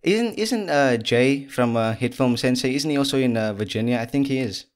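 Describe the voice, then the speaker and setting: A male podcast host in casual conversation, mid-pitched and easygoing, breaking into laughs and quick asides. He talks from a room lit by big studio lights. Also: animated. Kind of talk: casual interview chat.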